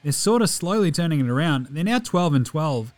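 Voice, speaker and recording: A man's voice: fairly high pitch, very animated, fairly quick, dry recording, faint music behind. A man hosting a casual basketball recap podcast, rattling off stats and swearing freely. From Australia. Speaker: podcast host.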